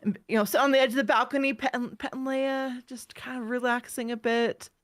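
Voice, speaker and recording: A woman's voice: a little high, steady tone, brisk. A woman in her thirties with a cold, co-hosting a podcast and telling rambling stories in casual chat. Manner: chatty, rambling storyteller who laughs at her own mishaps. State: has a cold. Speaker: podcast co-host.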